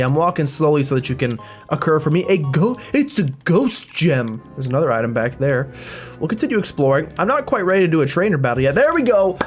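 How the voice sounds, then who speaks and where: A chatty let's-play commentator narrating a game run. The speech is quick and playful with pitch swinging widely, and faint game music plays underneath.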